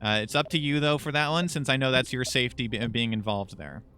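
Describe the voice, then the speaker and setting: Bright-voiced halting male streamer. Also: medium pitch. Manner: hesitant, lots of uh and restarts, helpful explainer. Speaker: streamer acting as mission control. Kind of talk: casual gaming banter.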